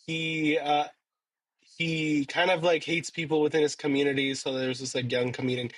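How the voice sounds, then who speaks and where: A man co-hosting a podcast, slightly hoarse, telling rambling stories in casual chat with lots of fillers. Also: fairly high pitch, little pitch movement, normal speed, a bit bright. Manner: laid-back, rambling storytelling with many fillers. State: a little hoarse. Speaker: podcast co-host.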